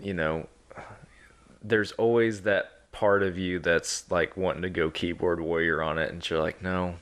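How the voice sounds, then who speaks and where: A man hosting a podcast in casual chat, relaxed and conversational. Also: low voice, measured pace. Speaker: podcast host.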